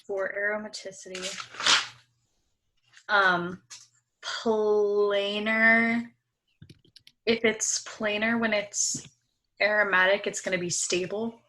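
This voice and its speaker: A woman's voice: mid-range voice, steady tone, slow, long pauses, sharp tone, low-quality recording. A young woman student answering a tutor's questions, hesitant and thinking aloud with many fillers.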